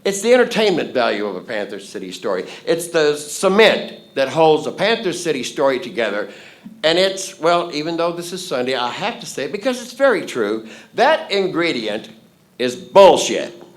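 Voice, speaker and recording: Male storyteller, folksy and playful, lively swooping delivery, live theatre. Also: on the high side, normal speed. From Fort Worth, Texas. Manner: folksy, playful, leads audience call-and-response. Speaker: storyteller host. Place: theatre stage before a live audience.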